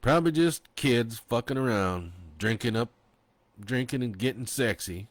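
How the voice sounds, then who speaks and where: A man's voice: mid-range voice, normal speed, dry recording, voice pushed up, lightly acted. A man voicing a callous, dismissive small-town sheriff. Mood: gruff dismissive.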